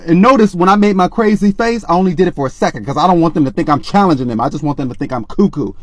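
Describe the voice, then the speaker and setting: A man telling a personal story in a casual, animated way, with a loud speaking voice, acting out the voices of other people. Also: a little high, very fast, dry recording.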